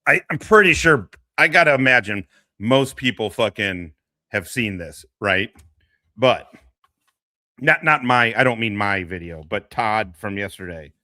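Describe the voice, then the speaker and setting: A man hosting a live stream and giving casual reaction commentary in a profane, mocking, excitable way. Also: fairly low pitch, a little slow, no echo, clean studio sound.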